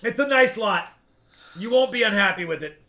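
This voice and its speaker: A man hosting a live-stream coin auction, explaining each lot at length with quick asides. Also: high-pitched, bright, forceful tone. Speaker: coin seller and stream host.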